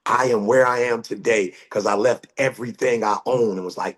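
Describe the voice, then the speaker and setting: A middle-aged man giving a motivational sermon as a guest speaker, emphatic and repetitive, building up to shouts. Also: mid-range voice, normal speed.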